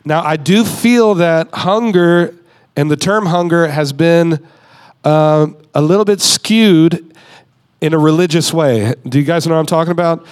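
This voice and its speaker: Preaching conversationally in a high voice with a darkish, clean tone, this man seems to be a guest speaker around his thirties. His sermon leans hard on key points, and he drops into quick mock voices to act out the people he describes.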